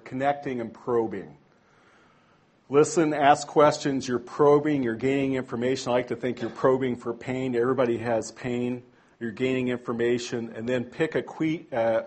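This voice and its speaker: A man's voice: medium pitch, darkish tone, husky. A man teaching a church training class in a conversational way, tossing in rhetorical asides and correcting himself aloud. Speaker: Bible teacher.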